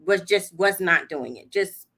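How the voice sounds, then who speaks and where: A woman's voice: fairly low pitch, expressive, unhurried, pushed and bright. A woman hosting a livestream, telling a story casually, laughing often and acting out what people said. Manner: chatty, laughs often, acts out quotes. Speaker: livestream host.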